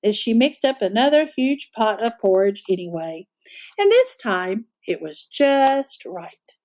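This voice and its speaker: A woman reading a children's picture book aloud as a storyteller, expressive and animated. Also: medium pitch, measured pace.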